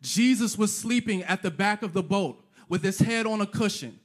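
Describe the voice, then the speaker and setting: High-voiced man preaching emphatically. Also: expressive, moderate pace. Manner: emphatic preaching with repeated rhetorical questions; casual slang mixed into preaching. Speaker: pastor. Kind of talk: sermon.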